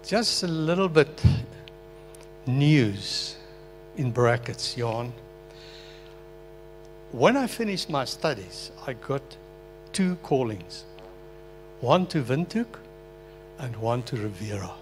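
A man's voice: medium pitch, big pitch swings, slow pace, pauses often, faint music behind. An older man from Africa, an earnest, emotional pastor sharing his personal testimony in a sermon. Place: meeting hall.

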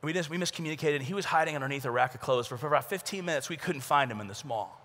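A man giving a humorous youth conference talk, telling stories and acting out voices with sudden shouts and whispers. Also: fairly high pitch, very fast, hardly any pauses. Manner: animated storytelling, acts out voices with shouts and whispers. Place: large conference arena. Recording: large hall with long reverb.

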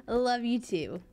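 A young woman livestreams a game in a slightly high voice, rambling in a bubbly way with lots of fillers and thanking viewers as their comments come in.

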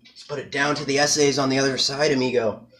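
A man's voice: mid-range voice, flat delivery, quick pace, very noisy. A man delivering a crude, rambling comedic rant, profane and peppered with Spanish slang.

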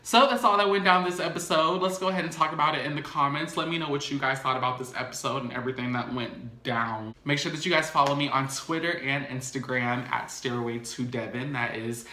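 A man's voice: medium pitch, a little fast, few pauses, sharp tone, roomy sound. A man recapping a TV episode in a casual, gossipy way, with playful asides to his viewers. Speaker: YouTube recap host.

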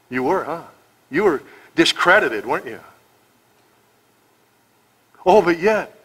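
Emphatic, sarcastic American pastor, bright voice. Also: male voice, on the high side, rough recording. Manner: sarcastic, emphatic, rhetorical questions. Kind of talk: expository sermon.

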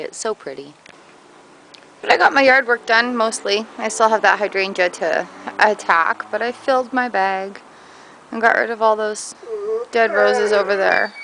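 A woman's voice: fairly high pitch, creaky, a bit bright, a little hiss or hum, rough recording. A woman chatting casually in a home vlog, playful, switching to baby talk with her dog. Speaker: vlogger. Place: garden outdoors.

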